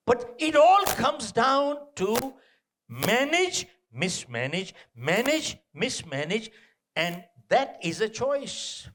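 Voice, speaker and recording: A man giving a live motivational talk to an audience, animated and punchy, repeating short phrases and throwing out rhetorical questions. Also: extremely high pitch, slow pace. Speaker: motivational speaker. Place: indoor event venue.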